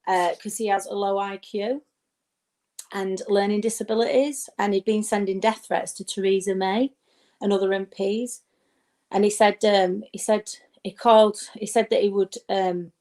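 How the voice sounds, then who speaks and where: A woman's voice: mid-range voice, darkish tone. A middle-aged woman performing a rambling, self-mocking stand-up set from home into a laptop mic. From United Kingdom. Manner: chatty, rambling, self-mocking with frequent asides. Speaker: stand-up comedian. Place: home during lockdown. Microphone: webcam or laptop mic.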